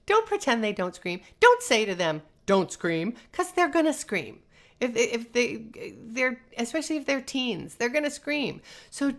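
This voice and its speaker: A North American woman who teaches voice is running a chatty livestream lesson, reading out viewer comments in a lively, sing-song manner. Her voice sits on the high side.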